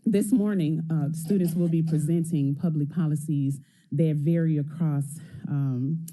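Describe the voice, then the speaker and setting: Breathless, lively woman teacher. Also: deep voice, unhurried. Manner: lively, a little breathless, laughing. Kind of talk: introducing a class presentation. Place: council chamber.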